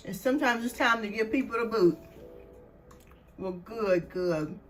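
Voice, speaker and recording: A woman's voice: fairly high pitch, a little slow, soft background music. A woman hosting a live tarot stream, out of breath and chatting casually while she greets viewers by name.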